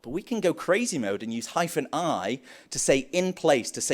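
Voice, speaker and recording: A man's voice: fairly high pitch, moderate pace, few pauses. A young man giving a live conference talk on developer tools, joking and acting out playful back-and-forth dialogue. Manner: animated, jokey, acts out playful dialogue. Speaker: conference speaker.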